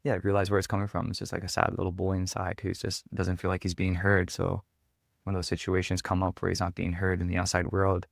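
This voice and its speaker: A man's voice: low-pitched, monotone, fairly quick, vocal fry, no echo, clean studio sound. A man, a podcast guest, telling a personal story candidly and reflectively, with many filler words. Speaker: podcast guest, performance coach.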